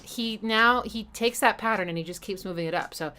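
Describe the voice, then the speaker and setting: A woman's voice: medium pitch, a little fast, pushed and bright. A woman hosting a listening party, eagerly breaking down a song's rhythms and chords, scatting riffs and swearing casually when she slips. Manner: enthusiastic, hums and scats rhythms, swears casually. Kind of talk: casual music breakdown chat. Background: album music playing.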